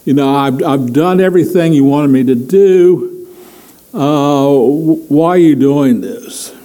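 A man's voice: fairly high pitch, slow pace, warm tone. A man acting out a distressed young king who pleads with God, stammering as he asks why he must die. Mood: pleading.

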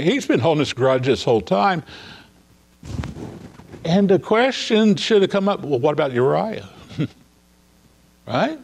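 A man's voice: a little high, sing-song, measured pace, pauses often. A man teaching an informal Bible study, chatting through scripture scenes, asking his listeners rhetorical questions and paraphrasing the dialogue. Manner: conversational, asks listeners rhetorical questions and chuckles.

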